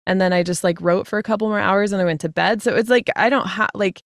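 Gravelly-voiced chatty woman. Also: medium pitch, dry recording, clean studio sound. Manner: chatty, quick asides, frequent "like" fillers. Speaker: podcast guest, fantasy author. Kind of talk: casual podcast conversation.

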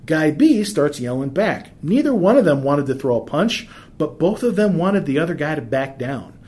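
A man's voice: a little high, very animated, normal speed, darkish tone. Man explaining with stories, many fillers. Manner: conversational, frequent fillers and restarts. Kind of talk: casual explanatory talk with anecdotes.

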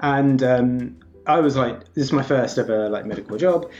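A man's voice: mid-range voice, normal speed, darkish tone. A man talks casually as a podcast co-host, rambling and leaning on fillers. The recording sounds a little dull and lo-fi. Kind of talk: casual chat.

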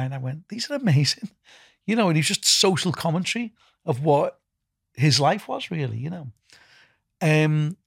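A fairly high-pitched voice with vocal fry and a breathy edge belongs to a middle-aged English music executive and festival founder. In a Liverpool accent, he meanders casually through interview questions, doubling back on words and leaning on "you know." The audio is studio quality, without echo.

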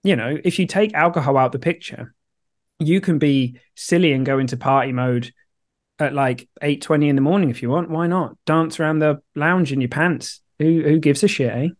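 A man's voice: on the high side, moderate pace. A man co-hosting a podcast in casual chat, jokey and casual about swearing. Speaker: podcast co-host.

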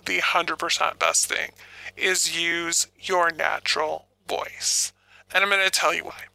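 A woman's voice: mid-range voice, pushed and bright, clear, resonant tone, dry recording, low-quality recording. A woman and phone sex operator giving casual advice in a blunt, profane way.

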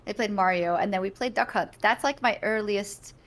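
A young woman from Belgium chats freely as a guest in an easygoing interview. Her voice sits at an ordinary middle pitch, and she talks in a lively, animated way. She laughs a lot and slips into quoted voices as she tells her stories. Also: normal speed. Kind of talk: casual conversational interview.

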